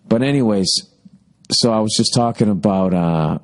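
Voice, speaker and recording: A man's voice: fairly low pitch, normal speed, darkish tone. A man hosting his own podcast, telling road stories in a loose, profane, rambling monologue. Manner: profane, rambling storytelling with mocking impressions. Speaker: podcast host. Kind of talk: casual monologue.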